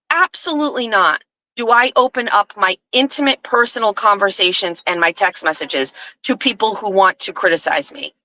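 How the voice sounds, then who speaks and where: A woman's voice: mid-range voice, bright, forceful tone, no room sound, rough recording. A woman hosting her own show, telling a story in a casual, profane and exasperated rant. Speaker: show host. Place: outdoors, on her pool deck.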